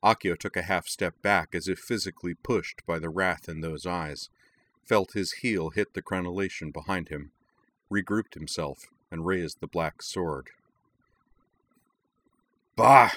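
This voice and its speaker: Deep voiced guy reading a fanfic out loud, steady and dramatic. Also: normal speed. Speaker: narrator. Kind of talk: audiobook reading of fan fiction.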